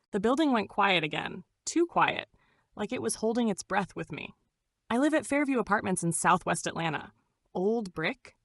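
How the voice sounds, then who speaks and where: A woman's voice: on the low side, fairly bright tone, no room sound. A woman narrating a scripted first-person suspense story in a dramatic, suspenseful manner.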